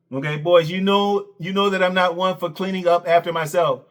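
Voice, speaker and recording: A man's voice: sits high, normal speed. Sarcastic man doing reaction commentary. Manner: sarcastic, mocking, repeats "okay" and "Coach". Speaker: commentary channel host.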